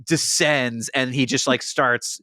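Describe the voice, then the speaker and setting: Animated man reviewing a movie. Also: medium pitch, slow, no room sound, clean studio sound. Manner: animated, swears, laughs often, acts out quotes. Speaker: podcast co-host. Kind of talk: casual movie review chat.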